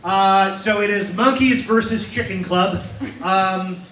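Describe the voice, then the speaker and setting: A young man hosting a live improv comedy show, jokey and energetic as he addresses the audience. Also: high voice, slow pace. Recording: echoey hall from far off, audience.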